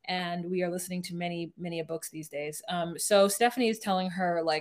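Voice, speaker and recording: A woman's voice: lowish voice, fairly even intonation, fairly quick, hardly any pauses. A woman co-hosting a podcast, chatting casually and telling stories in a wry, meandering way. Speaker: podcast co-host. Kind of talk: casual chat recapping a reality show.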